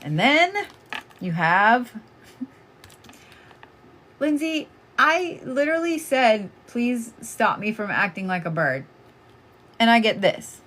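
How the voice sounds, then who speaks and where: A woman's voice: a little high, lively intonation, slow, pauses often, a bit bright. A woman giving casual live oracle card readings, blunt and chatty, swearing freely as she talks to callers.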